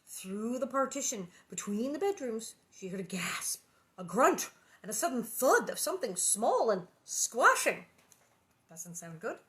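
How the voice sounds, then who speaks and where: A woman reads a children's book aloud and breaks off into gushing, giggly asides. Her voice sits a little high and bright. Her pitch swings widely. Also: very animated, a little slow. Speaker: actress reading a children's book. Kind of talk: storybook reading with chatty asides.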